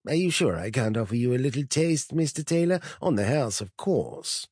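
A man voicing an ageless, sinister drug-den host who speaks in a breathy, falsely hearty voice, slow and coaxing. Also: mid-range voice, lively intonation, a little mellow, no echo, clean studio sound, voice pushed up. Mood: wheedling. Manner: silky, wheedling, slow and coaxing. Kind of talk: audiobook character voice.

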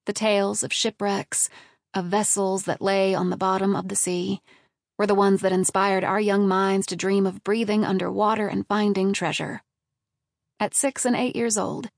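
A woman narrating an audiobook in a measured, even reading. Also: medium pitch, vocal fry, dry recording, clean studio sound. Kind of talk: scripted narration.

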